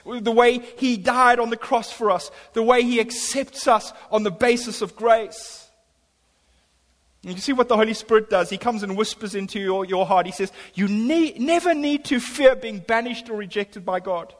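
A man's voice: high-pitched, normal speed. Impassioned preacher man in a reverberant hall. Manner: impassioned preaching, voice swelling on key lines. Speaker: pastor. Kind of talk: sermon.

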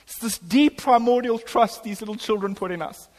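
A man's voice: high voice, normal speed. A middle-aged man preaching a sermon as pastor, his voice swelling on key lines. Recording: long hall reverb.

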